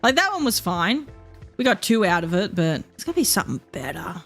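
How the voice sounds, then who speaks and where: A young woman livestreaming a game, chatting casually and thinking out loud in a rambling, easygoing way. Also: lowish voice, very animated, a little fast, faint music behind. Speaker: streamer. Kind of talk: casual gameplay chat while livestreaming.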